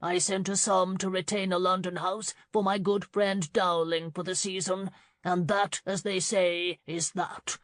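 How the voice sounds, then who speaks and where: A man's voice: high voice, level tone, measured pace, no echo, studio quality. A woman voicing a corpulent, greedy uncle who bellows and blusters in an audiobook scene. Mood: shouting. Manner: loud, bellowing and defensive. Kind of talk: audiobook character reading.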